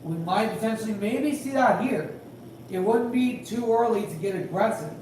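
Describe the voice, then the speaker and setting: A man calling a game live in casual play-by-play, rambling and hedging with fillers, growing excited on big plays. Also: high-pitched, moderate pace. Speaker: amateur game commentator and high school official. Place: at home at night. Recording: very echoey room, distant mic, faint noise.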